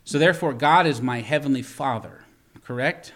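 A man delivering a sermon as the pastor, with a voice of middling pitch. He switches from loud, emphatic storytelling to quiet asides to the congregation, and repeats words and restarts lines as he goes. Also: moderate pace.

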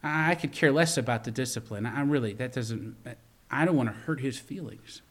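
A man's voice: medium pitch, normal speed, a bit bright. A middle-aged man preaching a sermon as pastor, earnest and full of stories, with frequent stumbling restarts.

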